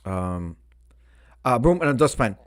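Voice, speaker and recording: A man's voice: medium pitch, very animated, a little slow, no echo, studio quality. A man hosting a casual show, reading confessions aloud with campy, sassy asides. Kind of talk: casual chat.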